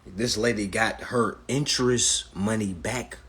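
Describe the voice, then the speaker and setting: A man in his thirties hosting a casual live stream chat in an animated, preachy way, with loud exclamations and muttered asides. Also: fairly low pitch, measured pace, slightly rough. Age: 30s.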